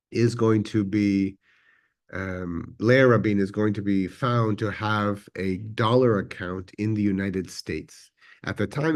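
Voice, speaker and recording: A man with a fairly low voice teaches a history class in a synagogue classroom. He talks conversationally, pausing on fillers and correcting himself as he goes. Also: darkish tone. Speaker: adult education teacher.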